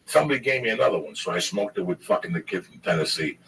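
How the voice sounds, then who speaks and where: A man's voice: lowish voice, sing-song, rapid-fire, gravelly, a bit bright. A man telling a rambling, profane story in casual chat. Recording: distant mic with faint noise.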